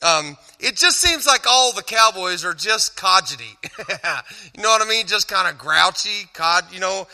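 This Christian cowboy singer and speaker has a high, sharp voice with lively intonation and a measured pace, and the sound carries like a big room. Speaking with a Texan accent, he gives casual stage talk to a church crowd, rambling, cracking jokes and cutting himself off mid-sentence.

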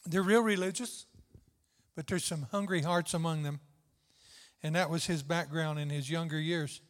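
A man's voice: a little high, steady tone, normal speed. An older man preaching a sermon with fervent, tender, repetitive emphasis. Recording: long hall reverb.

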